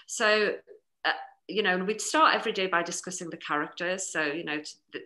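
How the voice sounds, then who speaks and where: A woman with a North East English accent, a novelist chatting casually in an interview, animated and full of restarts. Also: fairly low pitch, a little fast. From North East England. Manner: animated, many restarts and "you know"s. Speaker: novelist guest.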